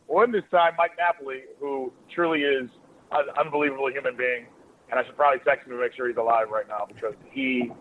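A man in his forties from Ohio, a radio host telling a rambling story in a casual way. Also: medium pitch. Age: 40s. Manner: rapid, rambling anecdotes with quoted asides. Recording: tinny phone-like radio sound.

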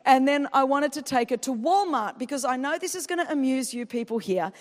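An Australian woman in her thirties preaching a lively sermon, telling stories and building to loud, fervent peaks. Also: high-pitched, in a large hall. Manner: animated storytelling, swinging from quiet to loud and fast.

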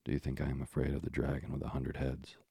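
A bold young hero, quick to anger, shouting back defiantly, as a man reads him aloud. The voice is very deep and flat, with a heavy gravelly edge. The storybook reading sounds dry and close. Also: dry recording, heavily acted.

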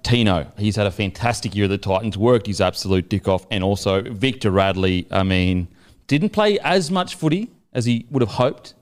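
Lower-voiced man presenting. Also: lively intonation. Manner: slow, announcer-like when reading nominees. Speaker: podcast co-host presenting awards. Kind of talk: crude comedic sports chat.

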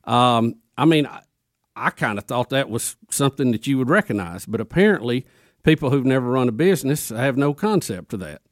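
A man's voice: mid-range voice, animated, brisk, no echo, studio quality. A man co-hosting a talk radio show, giving his opinions in an exasperated, casual way.

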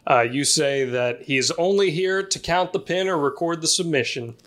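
A man's voice: on the high side, normal speed, a bit bright. A man hosting a podcast interview, asking questions and narrating the scenes being watched.

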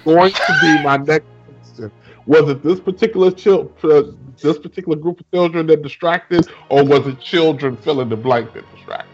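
A man's voice: fairly high pitch, normal speed, breathy edge, dull audio, soft background music. A man on a movie-discussion panel, making terse, crude asides. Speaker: podcast panelist.

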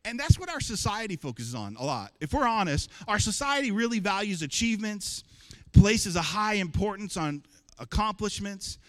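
A man's voice: sits high, fairly bright tone. A man preaching a sermon as pastor, emphatic and calling on the congregation to answer back. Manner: emphatic, calls for congregation responses. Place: church hall. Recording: long hall reverb.

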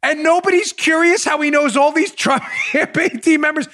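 A man's voice: very high-pitched, normal speed, hardly any pauses, sharp tone. A man in his forties hosting a political commentary podcast, bursting into incredulous exclamations and frequent laughter. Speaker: podcast host.

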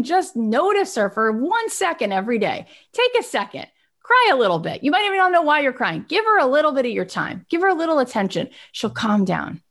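A woman giving an expressive, animated motivational talk on personal growth. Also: high-pitched. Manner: expressive, acts out little scenes.

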